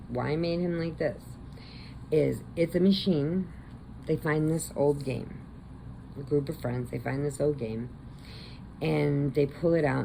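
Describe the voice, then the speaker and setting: Middle-aged woman, deep gravelly voice, slow easygoing vlog chatter. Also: slight background noise, low-quality recording. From American Midwest. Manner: chatty storyteller, animated quotes. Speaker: crochet vlogger. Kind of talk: casual chat.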